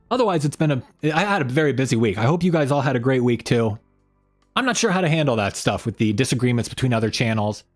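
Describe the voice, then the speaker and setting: A man hosting a casual live stream from home, rambling and self-mocking, often trailing off mid-thought. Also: mid-range voice. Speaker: streamer host. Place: home room by an open window.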